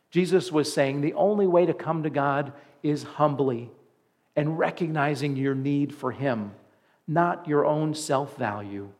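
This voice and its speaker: A man's voice: mid-range voice, darkish tone. A man preaching a sermon as pastor, earnest and conversational, with emphatic repeats.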